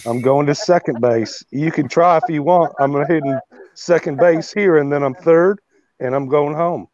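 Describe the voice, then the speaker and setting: A man's voice: a little high, moderate pace, darkish tone, no echo, close to an everyday voice. A cocky, boastful dog , voiced by a man, narrates his own ball heist in a put-on British accent. He crows about every base he rounds with gleeful bravado. The sound is dull and dry, like a cheap mic in a small space. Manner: cocky, gleeful running commentary. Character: playful boastful male dog stealing a ball.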